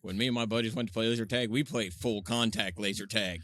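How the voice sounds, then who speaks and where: Low-voiced animated podcast guy. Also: quick pace, no echo. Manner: animated storyteller, swears, laughs often. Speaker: podcast co-host. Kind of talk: casual chat.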